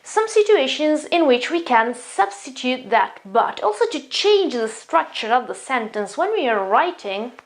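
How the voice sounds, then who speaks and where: Woman with an Italian accent, English teacher, explanatory and self-correcting, slightly gravelly voice. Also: a little high. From Italy. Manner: explanatory, repeats words and restarts often. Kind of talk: online English lesson.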